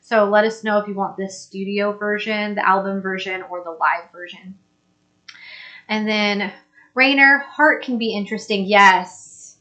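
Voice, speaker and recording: A woman hosting a live stream, chatting casually and reading viewer comments aloud in an upbeat, think-out-loud way. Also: mid-range voice, steady tone, a little slow. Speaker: host.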